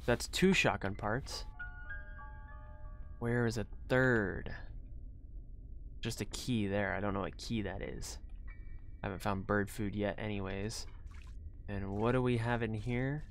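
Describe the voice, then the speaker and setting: A man's voice: on the low side, a little hiss or hum. A young man streaming a horror game, talking himself through it and breaking into frightened yelps. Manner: muttering to himself, swinging to loud frightened yelps. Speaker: gaming streamer. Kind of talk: live gameplay commentary.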